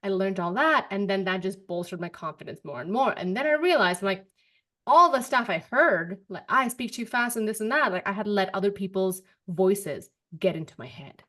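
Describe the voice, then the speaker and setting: A young woman hosts a podcast in easy, casual chat. She tells her stories in a lively, expressive way and keeps the pace quick. Her voice sits at an ordinary middle pitch. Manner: animated storyteller, quick and expressive. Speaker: podcast host.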